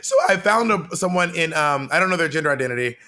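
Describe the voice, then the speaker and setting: A man's voice: fairly high pitch, animated, fast, sharp tone. A man co-hosting a podcast, chatting casually in a teasing, dramatic and gossipy way. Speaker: podcast co-host. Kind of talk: casual chat.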